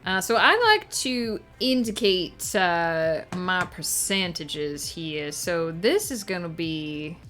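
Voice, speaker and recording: A woman's voice: on the low side, slow, few pauses, pushed and bright. Woman doing a hammy old-movie Southern drawl, chatty streamer, many fillers, faint music behind. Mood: playful. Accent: exaggerated old-movie American Southern. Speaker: streamer and writer. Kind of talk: casual live stream chat.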